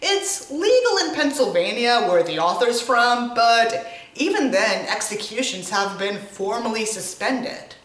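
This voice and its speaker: A woman's voice: fairly high pitch, animated, a little slow, fairly bright tone. A woman host giving exasperated, sarcastic, swear-filled commentary on a bad book. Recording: roomy echo with music behind. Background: background music.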